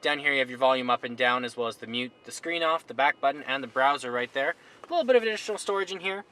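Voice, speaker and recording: A man's voice: medium pitch, animated, fast, bright, forceful tone. A young man giving a friendly, plain-spoken walkaround of a used car, outdoors and inside the vehicle. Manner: friendly, upbeat, plain-spoken with small slips. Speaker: car dealership salesman.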